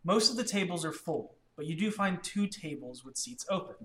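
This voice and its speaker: A man's voice: fairly high pitch, animated, moderate pace, a bit bright, a little hiss or hum. A man narrating as game master for a tabletop game in a casual, filler-heavy way. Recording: echoey room.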